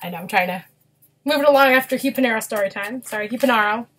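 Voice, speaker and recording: A young woman chatting casually in a vlog, gushing and quick to get emotional. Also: a little high, fairly bright tone, slightly rough. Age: young adult. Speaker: vlogger. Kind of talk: casual chat.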